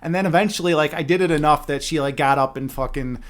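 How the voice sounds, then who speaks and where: A man's voice: fairly high pitch, quick pace. A man chatting casually on a livestream, rambling and swearing freely with lots of restarts and laughs. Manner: rambling, profane, laughs often, many restarts. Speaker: streamer.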